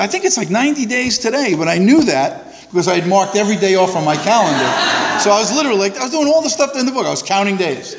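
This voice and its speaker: A man speaking to a live audience, telling a personal recovery story in an animated way and acting out the voices of the people in it. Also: high-pitched, racing. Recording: reverberant hall.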